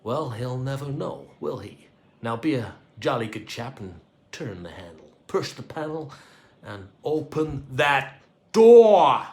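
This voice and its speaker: A man's voice: mid-range voice, sing-song, slow, a little mellow. A man voicing a pompous, bossy American astronaut captain in a storybook reading, with a commanding, sarcastic manner. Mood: whispering, coaxing. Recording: echoey room.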